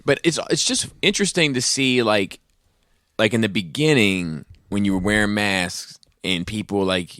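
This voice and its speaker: A man with a bright, forceful voice and a slightly low pitch, talking in a loose, rambling way full of "like" and swearing. The recording is dry and close. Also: normal speed, no echo. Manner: rambling, heavy filler words, swears often. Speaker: podcast co-host. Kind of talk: casual chat.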